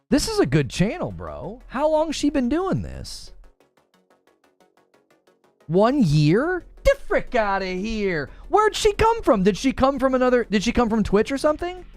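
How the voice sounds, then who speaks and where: A man hosting a gaming news stream, chatting casually with viewers and reading their comments, animated and quick to laugh. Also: high voice, dry recording. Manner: animated, laughs often, thinks aloud with restarts. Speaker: host of a gaming news show.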